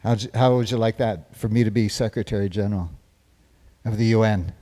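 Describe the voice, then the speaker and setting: A man's voice: lowish voice, fairly even intonation, brisk, mellow, close to an everyday voice. A man playing a boastful, rambling hippie president in a live one-man stage parody, taking questions from the audience. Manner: boastful, rambling, self-praising. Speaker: stage performer in a one-man comedy show. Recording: long reverb from a live stage.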